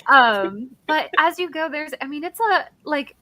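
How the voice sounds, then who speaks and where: A woman's voice: sits high, expressive, measured pace, bright, forceful tone, dry recording. A woman narrating as dungeon master in a casual, chatty way with plenty of fillers. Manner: chatty, lots of fillers and likes. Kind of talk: narrating a tabletop game.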